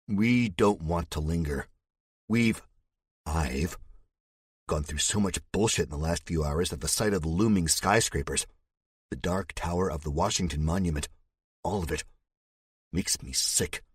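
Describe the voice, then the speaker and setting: A man's voice: deep voice, husky, dry recording, clean studio sound. A man narrating a first-person thriller audiobook with a gritty, tense delivery.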